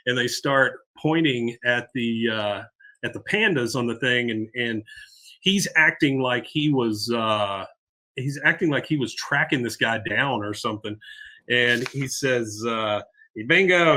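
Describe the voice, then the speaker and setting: A man's voice: medium pitch, pushed and bright. A middle-aged man hosting a podcast, casually recapping an episode in a rambling way with many fillers. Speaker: podcast host.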